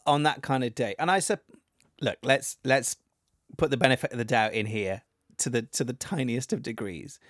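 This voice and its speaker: A man's voice: mid-range voice, moderate pace, fairly bright tone, no room sound, clean studio sound. A man hosting a casual podcast chat, reacting with mock-dramatic emphasis.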